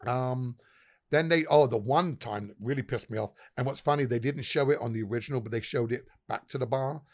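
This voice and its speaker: A man's voice: medium pitch, fairly quick. A middle-aged man, a pub owner guest, telling stories animatedly with lots of swearing and acted-out dialogue. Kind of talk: casual storytelling.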